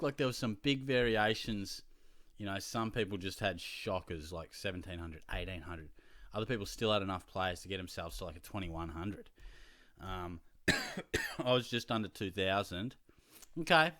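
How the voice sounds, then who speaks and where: A man's voice: fairly low pitch, a bit bright, dry recording, studio quality. A young Australian man from Geelong hosting his fantasy football show, rambling casually to viewers with lots of fillers.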